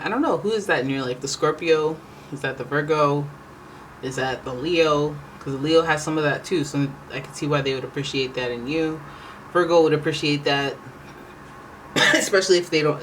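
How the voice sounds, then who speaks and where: Rambling tarot reader, casual chat, middle pitch, faint hiss behind. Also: a bit bright, rough recording. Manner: rambling, chatty, self-correcting. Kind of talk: casual tarot reading monologue.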